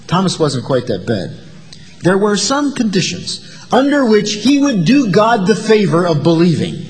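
A man's voice: sits high, huge pitch swings, measured pace, in a large hall, slight background noise. A man preaching a sermon in a dramatic way, acting out the voices of the people in his story. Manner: dramatic, acts out voices of the disciples and doubters.

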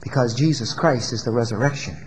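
A male pastor preaching a sermon in an emphatic style, rising to loud peaks and dropping low. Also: brisk, big-room sound.

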